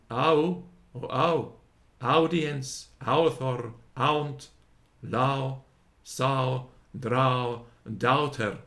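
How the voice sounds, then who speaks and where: Slow, deliberate male reader of grammar. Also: mid-range voice, a bit bright. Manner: slow, deliberate, sounding out each example word. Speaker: teacher reading a historical grammar aloud. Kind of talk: read-aloud lesson.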